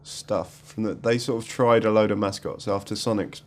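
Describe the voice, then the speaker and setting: A man's voice: fairly low pitch, steady tone, moderate pace. A man hosting a podcast in casual chat, jokey and laughing often. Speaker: podcast host.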